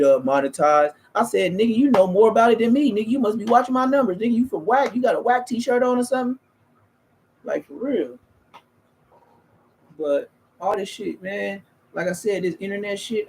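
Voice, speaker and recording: A man's voice: high-pitched, darkish tone, slight background noise. A man, telling rambling, slangy, profane stories as a streamer in casual chat. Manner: profane, slangy, loose and restarting.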